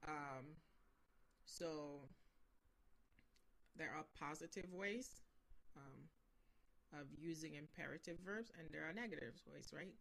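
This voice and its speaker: Woman, Haitian accent, native Haitian Creole speaker, bright voice, patient language lesson, slow repetition. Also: sits low, creaky. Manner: patient, repeats phrases slowly with many ums and okays. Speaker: language teacher.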